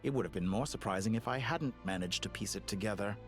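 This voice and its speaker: An actor playing a cruel, calculating male villain in a video game, talking in a cold, condescending, smoothly menacing way. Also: on the low side, fast talker, soft background music, natural voice.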